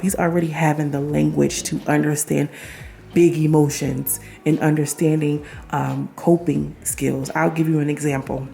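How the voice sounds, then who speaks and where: Gravelly-voiced woman vlogging to her viewers. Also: low-pitched, warm tone. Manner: chatty, affirming, speaks straight to viewers with laughs and asides. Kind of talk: casual talk to camera.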